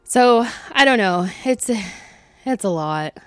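A young woman candidly venting about her workday in a casual monologue, swearing freely and acting out conversations in lively voices. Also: on the high side, takes it slowly, clean tone, dry recording. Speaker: vlogger venting about work.

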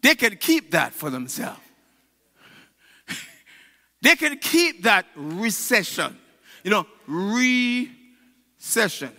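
A man preaching as pastor, with a strikingly high, lively voice that swoops up and down. He moves slowly and deliberately, building to shouted peaks and calling on the congregation to answer. The sound carries the long echo of a church hall. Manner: fervent preaching with shouted peaks and call-and-response. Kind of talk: sermon. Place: church sanctuary.

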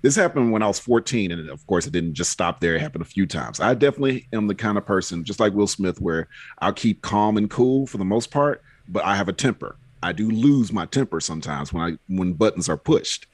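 A man's voice: low voice, expressive, brisk, husky, no echo. A man chatting on a podcast, telling rambling personal stories with frequent fillers. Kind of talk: casual podcast chat.

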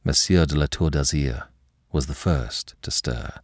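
A man narrating a classic novel in a dramatic, expressive way. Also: very deep voice, a little slow, dry recording, studio quality. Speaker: audiobook narrator.

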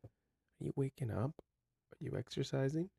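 A man's voice: medium pitch, expressive, normal speed, gravelly, warm tone, slightly rough, no echo, studio quality. A man co-hosting a podcast in casual, teasing chat, swearing often. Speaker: podcast co-host. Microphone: podcast microphone.

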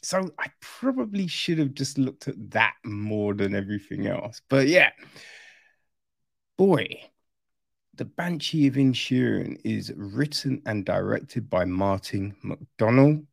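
A man's voice: on the low side, animated, slow pace, creaky, no echo, clean studio sound. A man chatting casually through a film review, rambling and often tossing in "right?" as an aside.

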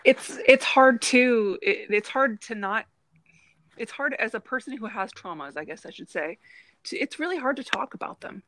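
A woman's voice: fairly high pitch, lively intonation, normal speed, fairly bright tone, poor audio. A woman hosting an interview, encouraging her guest with frequent affirmations and easy laughter. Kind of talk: conversational interview.

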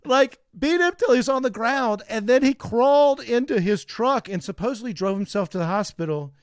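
This thirtysomething podcast co-host has a very high-pitched, expressive voice with a clean tone, speaking at a moderate pace. He rambles through long stories in casual conversation, laughing frequently, captured in a dry, clean studio recording.

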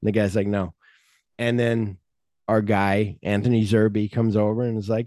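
A man's voice: on the low side, flat delivery, normal speed, mellow, dry recording, studio quality. A man hosting a podcast, casually retelling movie scenes and acting out the lines he quotes. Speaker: podcast host. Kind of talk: casual film discussion.

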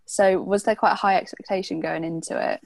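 A woman's voice: mid-range voice, fairly even intonation, fairly quick, vocal fry, darkish tone, no echo. A British woman interviewing a guest, asking long questions that build up context. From United Kingdom. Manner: asks long, rambling questions with added context.

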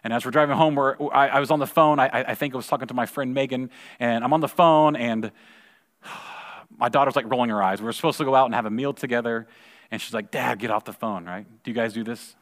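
A man in his forties giving a sermon, telling a personal story in a conversational way and repeating words when excited. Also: mid-range voice, fast. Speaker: pastor. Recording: long reverb of a large hall.

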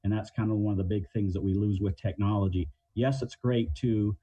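A man's voice: on the low side, steady tone, a little fast, mellow, dry recording, rough recording. A middle-aged man, a crisis negotiation trainer, answering interview questions in a plain-spoken way and explaining with everyday examples.

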